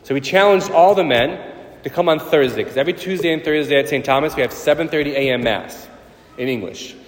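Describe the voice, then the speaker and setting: A priest giving a sermon, animated, with sudden loud, high bursts of emphasis. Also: male voice, brisk. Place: church. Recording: echoey church with long reverb.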